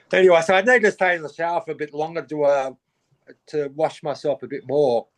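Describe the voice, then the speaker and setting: A middle-aged Australian man with a fairly high voice, swapping surf-trip stories in a relaxed chat. He gets animated as he goes and mimics the people in his tales with quick bursts of character voices. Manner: animated, acts out quoted voices in his anecdotes. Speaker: podcast guest. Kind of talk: casual storytelling.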